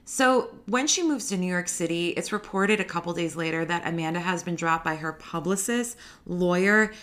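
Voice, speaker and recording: A woman's voice: on the low side, normal speed, a bit bright. A woman hosting a podcast in casual, gossipy chat, full of "like" and asides. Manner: chatty, heavy use of "like", gossipy. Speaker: podcast host.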